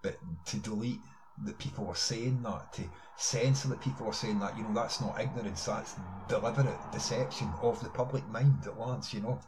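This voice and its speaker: Deep-voiced man ranting. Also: moderate pace, a little mellow, a little hiss or hum, poor audio. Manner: insistent, rhetorical questions, many "you know" fillers. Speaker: online commentator. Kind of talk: ranting monologue to camera.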